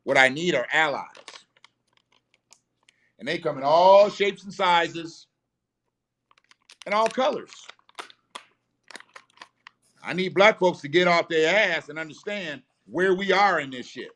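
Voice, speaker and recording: A man's voice: sits high, a bit bright. Blunt, profane man ranting on a live stream. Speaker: host of a live show.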